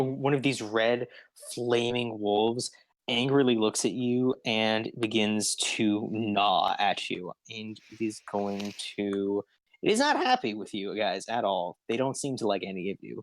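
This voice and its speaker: A man narrating a tabletop game as game master, unhurried and full of ums and uhs. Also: lowish voice, dry recording.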